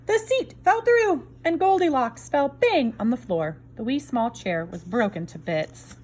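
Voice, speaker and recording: A woman reading a picture book aloud to children in an expressive storyteller's way. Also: fairly high pitch, measured pace, a little hiss or hum. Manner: expressive, varied storyteller delivery. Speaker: storybook reader.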